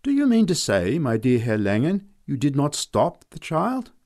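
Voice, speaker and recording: A man's voice: mid-range voice, big pitch swings, unhurried, a little mellow, voice pushed up. Bossy German mother, middle-aged, scolding and emphatic; man doing the voice. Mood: indignant.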